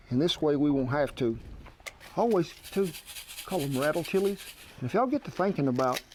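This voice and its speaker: A man's voice: on the high side, darkish tone, slight background noise. A man hosting a cooking show, talking folksy and homespun while he demonstrates outdoors. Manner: homespun, colloquial, chatty.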